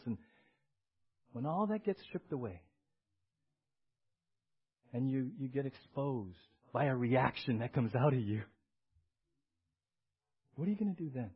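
A man's voice: medium pitch, very animated, a little slow, pauses often, breathy edge. A man preaching a sermon to his church, emphatic, asking rhetorical questions and repeating key words. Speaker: pastor. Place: church service. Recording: dull lo-fi sermon audio.

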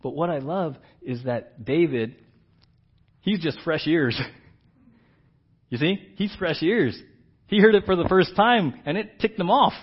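In a slightly muffled recording, a middle-aged pastor gives a conversational sermon, repeatedly asking "right?" and performing quoted characters with dramatic shifts in volume. His voice is husky and a little high.

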